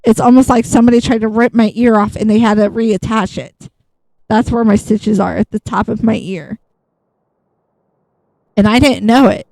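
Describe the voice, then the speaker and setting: A woman's voice: on the high side, fairly even intonation, normal speed, gravelly, long pauses, dark tone, no room sound, rough recording. A woman hosting a gaming channel, chatting bluntly and casually, acting out both sides of a conversation and swearing freely. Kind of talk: casual storytelling while gaming.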